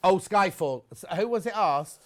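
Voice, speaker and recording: A chatty man hosting live TV sales, his voice sitting a little high and swooping up and down as he gets excited. He rambles from one aside to the next in a loose studio chat. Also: moderate pace. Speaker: shopping channel presenter.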